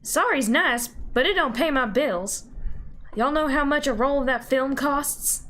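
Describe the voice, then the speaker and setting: A woman voicing a loud, combative Southern woman photographer with a put-on drawl, reading game dialogue. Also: sits high, measured pace, voice pushed up. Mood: scolding. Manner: loud, scolding, folksy.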